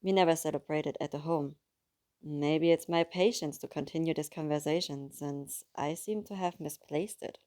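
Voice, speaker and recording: A woman with a German accent and a low, deep-set voice. She talks through a book in a chatty, self-correcting way and reads passages aloud plainly. English is her second language. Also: moderate pace, warm tone. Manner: chatty and apologetic, with restarts. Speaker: book reader. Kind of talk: casual book introduction and reading aloud.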